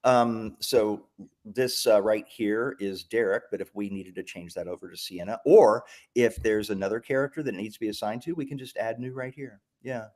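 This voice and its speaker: Enthusiastic man demoing software. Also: fairly low pitch, steady tone, normal speed. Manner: enthusiastic, lots of ums and restarts. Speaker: software presenter. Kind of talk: live product demo talk.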